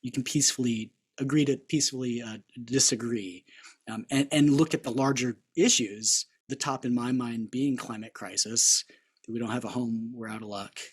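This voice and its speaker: A man's voice: mid-range voice, steady tone, moderate pace, husky. A man hosting an interview, asking long reflective questions and wandering off on tangents. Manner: rambling, reflective questions with restarts. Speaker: podcast host. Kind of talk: conversational interview.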